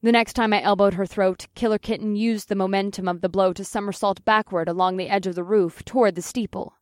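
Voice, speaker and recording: A woman's voice: medium pitch, fairly quick, no echo, clean studio sound. Matter-of-fact woman narrating an audiobook. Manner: steady, matter-of-fact, with casual swearing. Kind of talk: first-person scripted narration.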